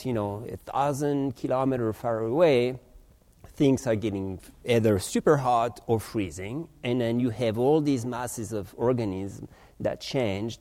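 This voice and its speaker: A man's voice: mid-range voice, warm tone. A man on a panel, explaining steadily. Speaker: panelist on oceans and climate. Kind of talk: panel discussion.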